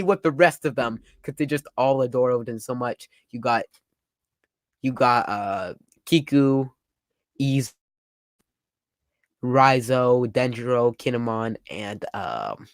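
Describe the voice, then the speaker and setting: A young man reading and reacting to a comic chapter in casual talk, excitable and full of "like". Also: medium pitch, slow, long pauses, dry recording. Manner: excitable, summarizing panels with frequent "like". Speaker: manga reaction youtuber.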